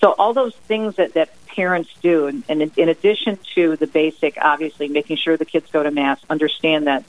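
A middle-aged woman from New Jersey speaks as a guest author on a radio interview. She tells stories emphatically and keeps them lively. She drops into quoted sayings with extra punch. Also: low voice, a little fast, hardly any pauses, phone-quality sound. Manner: lively, emphatic, acts out her mother's sayings. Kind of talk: radio interview, personal storytelling.

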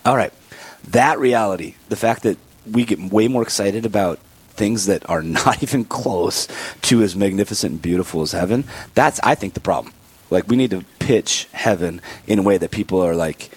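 Man, husky and lowish, rambling vlog-style Christian speaker. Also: normal speed. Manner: rambling, with many restarts and fillers. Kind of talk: casual vlog talk.

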